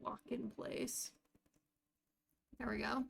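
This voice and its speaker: A woman's voice: fairly high pitch, level tone, takes it slowly, gravelly, breathy edge. An American woman streaming a game live, chatting casually and talking to her viewers by name while she plays.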